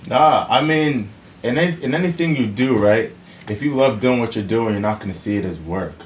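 A man answering interview questions about his team in a relaxed, rambling way, full of fillers and restarts. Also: mid-range voice, normal speed, a little hiss or hum. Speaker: professional football player guest.

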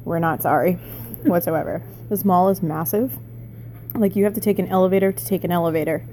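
A woman's voice: on the low side, a little fast, noisy background. Playful woman bantering into a phone. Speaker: podcast co-host. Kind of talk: casual chat. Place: large booth in a busy mall restaurant. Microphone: phone voice recorder.

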